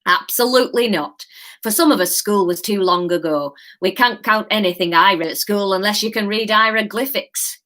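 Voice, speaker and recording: A woman's voice: mid-range voice, normal speed, fairly bright tone, close to an everyday voice. Woman doing a kindly older Yorkshire man. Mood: reassuring. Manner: kindly, reassuring. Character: reassuring older man in a book club.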